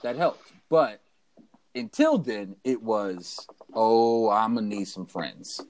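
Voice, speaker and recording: A man's voice: fairly low pitch, slow pace. A young man, co-host of a podcast, telling a story in casual chat and acting out the people in it. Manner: animated storyteller who acts out the voices of people in his story.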